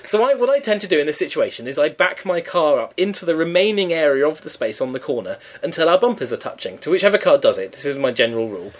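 Animated man telling a comic story. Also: fairly high pitch, fast talker, few pauses. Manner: animated, acts out other people's lines in a raised voice. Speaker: storyteller in a chat. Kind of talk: casual comic anecdote.

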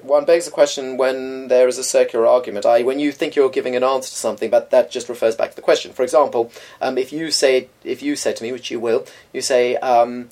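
A man's voice: medium pitch, fairly even intonation, fast talker, hardly any pauses, a little mellow. Pedantic chatty man. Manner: chatty, pedantic, fond of explaining. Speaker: podcast co-host. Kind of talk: casual chat.

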